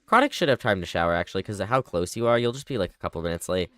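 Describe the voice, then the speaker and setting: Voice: deep voice, lively intonation, rapid-fire, fairly bright tone, no room sound. A livestreamer giving casual running commentary on a game, chattily bossing the characters around. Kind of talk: casual live gameplay commentary.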